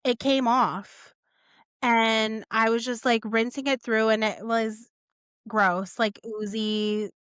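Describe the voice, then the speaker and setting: A woman in her thirties, co-hosting a relaxed faith podcast, tells a story with animated asides. Her voice sits fairly high and sounds smooth and clear. The close mic is dry. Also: slow pace, dry recording. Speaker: podcast co-host. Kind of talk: casual faith chat.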